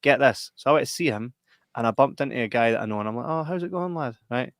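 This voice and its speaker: A Scottish man co-hosting a casual podcast, his voice at a middle pitch. He tells animated, sweary stories and laughs often. The sound is dry and close to the mic. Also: fast, no room sound. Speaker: podcast co-host. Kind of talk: casual chat.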